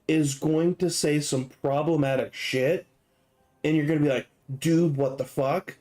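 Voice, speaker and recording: A man's voice: fairly high pitch, a little mellow. A young man hosting a gaming video, riffing in a rambling, profane, joking way. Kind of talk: casual comedic commentary.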